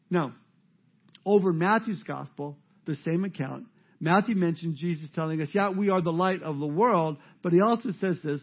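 Emphatic high-voiced preacher, muffled audio. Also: male voice. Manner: emphatic, rising to loud peaks. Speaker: pastor. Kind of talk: sermon.

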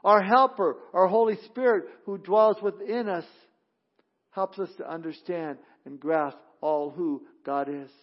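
A man with a high voice preaches from the pulpit as a pastor, pressing his points with rising emphasis and stumbling restarts. The sound is dull and a little lo-fi. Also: fairly even intonation, unhurried. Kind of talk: sermon.

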